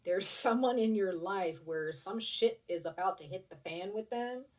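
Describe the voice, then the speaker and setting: A woman's voice: mid-range voice, measured pace, a little mellow, distant mic. A woman giving a casual tarot reading to her viewers, chatty and rambling, with restarts and casual swearing. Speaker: tarot reader.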